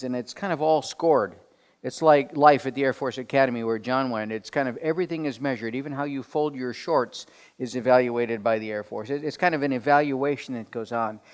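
A man leading a group Bible study in a conversational sermon style, asking questions and swinging from soft to emphatic. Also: mid-range voice. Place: room with people around tables. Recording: long hall reverb.

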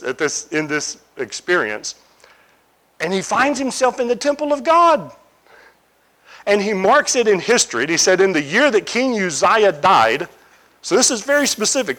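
A man preaching a sermon, telling a scripture scene as a vivid, animated story. His voice sits high for a man. His intonation swings widely as he leans into each image. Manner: animated storytelling, imaginative asides.

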